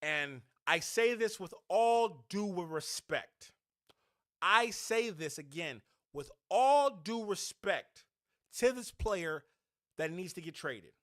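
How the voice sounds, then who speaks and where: A fired-up man rants about sports on his fan podcast, pushing blunt, preachy, heated opinions in a high, bright voice that cuts through. He is expressive but takes it slowly. The sound is close and dry, with no room around it.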